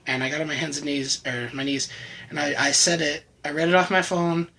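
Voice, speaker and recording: A man in his thirties giving a candid personal testimony as a channel host, halting and full of restarts. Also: fairly high pitch, fairly even intonation, bright, forceful tone, slightly rough, low-quality recording. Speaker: channel host telling his recovery story. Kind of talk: personal testimony, casual storytelling.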